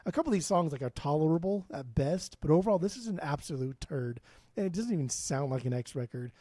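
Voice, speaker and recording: Mellow-voiced rambling podcast guy. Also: a little high, animated, fast, no echo. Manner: rambling, swears freely, frequent restarts. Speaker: podcast co-host. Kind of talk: casual chat about music.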